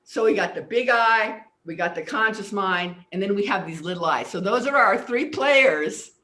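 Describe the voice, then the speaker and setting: Her voice is medium-pitched and sharp, with lively intonation at a moderate pace. An older woman and personal development teacher, she's a guest on an interview show, earnestly explaining ideas and telling personal stories, sometimes repeating words as she recalls. Roomy echo surrounds the recording.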